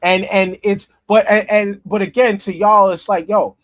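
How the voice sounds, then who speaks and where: A man with a fairly high voice talks in a relaxed, casual podcast chat. He hammers his points home, repeats himself and curses freely. The sound is dry and close to the mic. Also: normal speed, no room sound. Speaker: podcast co-host.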